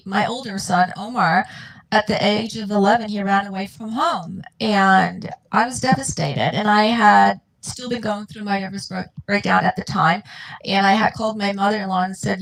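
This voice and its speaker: A woman's voice: medium pitch, creaky, poor audio. A mother, a guest on the show, tells her family's story in an earnest, heartfelt way and acts out what people said. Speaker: guest, mother of a dyslexic child. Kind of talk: emotional personal storytelling.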